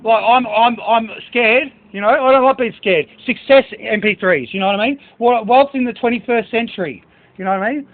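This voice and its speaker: A man with a very high voice talks in an agitated, rambling way, swearing and listing book titles. The sound is thin and tinny, like a phone line. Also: fairly quick. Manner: reads out list of book titles. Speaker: speaker addressing staff. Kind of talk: agitated monologue.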